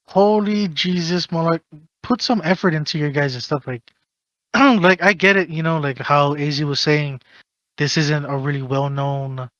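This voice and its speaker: A man's voice: fairly high pitch, normal speed, a bit bright, dry recording, highs cut off. A man hosting a casual podcast, ranting animatedly and swearing while giving advice. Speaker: podcast host.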